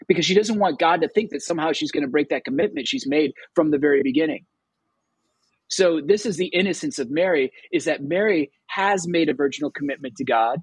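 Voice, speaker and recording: Husky man explaining scripture animatedly. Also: a little high, fairly quick, no room sound, rough recording. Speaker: host of a Gospel reflection show. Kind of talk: scripture discussion.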